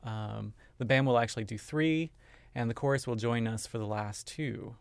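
A man's voice: medium pitch, normal speed, gravelly, smooth, no echo. A man who directs a community band, talking in a casual radio interview with many fillers. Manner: friendly, many "um" fillers, informative.

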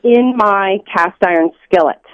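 A woman calling in to a radio show, chatty and excited. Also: mid-range voice, measured pace. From Southern United States. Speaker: caller. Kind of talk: phone-in chat. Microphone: telephone. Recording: dull phone line.

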